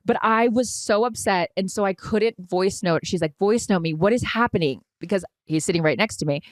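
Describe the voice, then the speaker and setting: A woman's voice: medium pitch, brisk, no room sound. Woman podcast co-host, forties, dramatic storyteller, dry close sound. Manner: animated, dramatic retelling with swearing. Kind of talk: casual storytelling chat.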